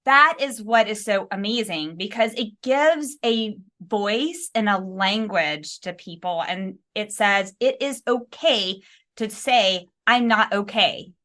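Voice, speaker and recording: Podcast host, female, crisp bright tone, eager and engaged as she retells scenes. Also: medium pitch, slow. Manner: enthusiastic, retelling scenes from the book. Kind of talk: podcast interview.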